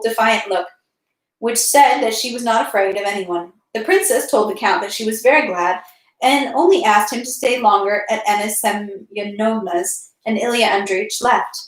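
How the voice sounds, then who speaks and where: A woman reading a classic novel aloud in a steady voice, with occasional slips and self-corrections. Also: medium pitch. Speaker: reader. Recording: echoey room.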